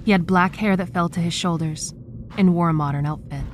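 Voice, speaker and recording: A woman narrating a horror story in a steady, measured storytelling manner. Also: on the low side. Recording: clear background noise.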